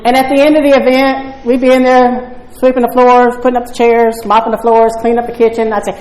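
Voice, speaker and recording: A woman's voice: on the high side, flat delivery, fairly quick, few pauses, a little mellow. A woman telling her personal story at a recovery meeting, blunt and conversational, often asking "right?". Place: meeting room. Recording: echoey room.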